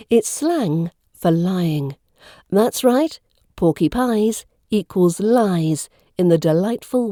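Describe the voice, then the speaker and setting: Slow, careful RP woman accent coach. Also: mid-range voice. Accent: RP English. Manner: upbeat, playful, enunciates carefully. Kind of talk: scripted accent lesson.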